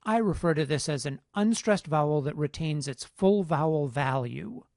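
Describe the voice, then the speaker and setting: Precise man lecturing, slightly high voice. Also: animated, a little mellow, dry recording, studio quality. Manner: measured, precise, explanatory. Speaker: phonetics instructor. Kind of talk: scripted lecture narration.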